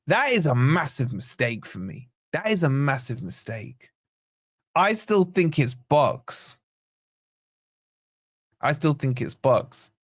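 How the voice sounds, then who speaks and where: Chatty man hosting a fan stream. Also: fairly high pitch. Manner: chatty, teasing banter while reading chat comments aloud. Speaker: fan channel host. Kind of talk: live-stream watch-along chat.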